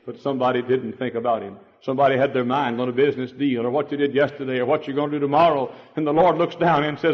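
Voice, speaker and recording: Old sermon tape, a man preaching hard, goes quiet then shouts way up high, long church echo, kinda muffled. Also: fairly even intonation, quick pace, few pauses. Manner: swings from hushed to shouting, repeats words. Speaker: pastor. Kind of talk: fiery sermon. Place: church sanctuary. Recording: dull old recording in a reverberant hall.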